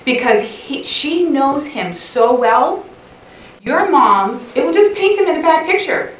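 Middle-aged woman, chatty and animated women's conference speaker, high-ish voice, distant in an echoey church hall. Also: measured pace, slight background noise. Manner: lively, chatty, laughs often, acts out quotes.

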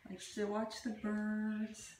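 Woman, cat-boarding host, slow cooing baby talk with whispers, phone mic held off in a roomy space with background noise. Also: mid-range voice, completely flat delivery, distant mic. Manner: cooing sing-song baby talk, soft whispers to the cats. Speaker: cat boarding host giving owners updates. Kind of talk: casual updates and baby talk to cats. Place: indoor cat boarding room. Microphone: handheld phone camera.

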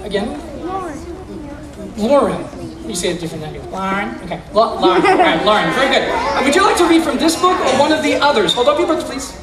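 Brisk and lively in intonation, this very high-voiced man performs as a school magician amid crowd noise. He playfully steers young volunteers through mind-reading tricks with theatrical flair. The sound is echoey and distant, from a school room or gym indoors.

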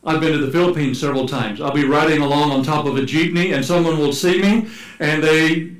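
A man preaching a sermon in a church, telling stories with humor and sometimes shouting out playful calls to act them out, then reading scripture aloud. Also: on the high side, fairly quick. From United States. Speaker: pastor. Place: church sanctuary. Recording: echoey church room.

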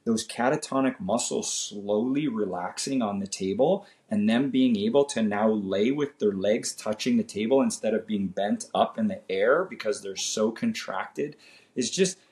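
A man's voice: lowish voice, normal speed, darkish tone. A man from Canada, a guest in a casual chat, speaking earnestly with frequent "right?" tags. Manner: earnest, faith-filled, says "right?" and "man" often. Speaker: guest, chiropractor.

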